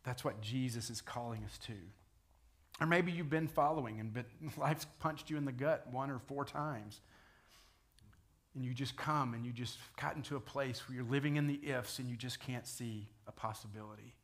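A man's voice: medium pitch, normal speed. A male pastor preaching a conversational sermon, asking the congregation questions and voicing the scripture he quotes. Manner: conversational preaching, rising to loud dramatic quotes.

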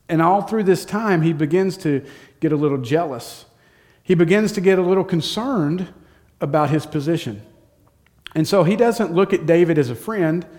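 Man retelling a story in a casual sermon. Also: on the high side. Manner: casual, lively retelling with acted quotes. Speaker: Bible teacher.

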